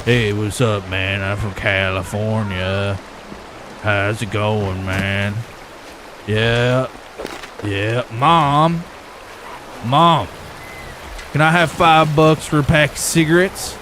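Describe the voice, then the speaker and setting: A man voicing a lazy young Californian slacker who mooches cigarette money off his mom, drawling slowly. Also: lowish voice, little pitch movement, noisy background. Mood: mocking.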